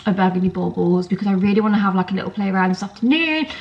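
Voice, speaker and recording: Speaking rapid-fire in an expressive mid-range voice, a young vlogger with a sore throat talks to camera in her kitchen. Her storytelling is chatty and full of ums and likes, and the audio has a lo-fi sound.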